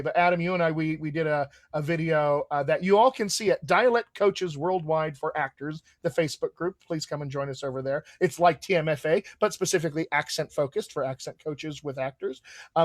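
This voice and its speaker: Upbeat American dialect coach, dry sound. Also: male voice, on the high side, brisk, dry recording. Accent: General American. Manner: enthusiastic, talks in restarts. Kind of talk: live Q&A chat.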